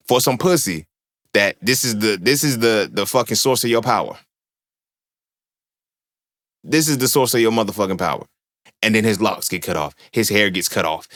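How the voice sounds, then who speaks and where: A man's voice: on the low side, fairly bright tone. A young man hosting a podcast, talking in a casual monologue, slangy, profane and emphatic as he tells stories. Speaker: podcast host.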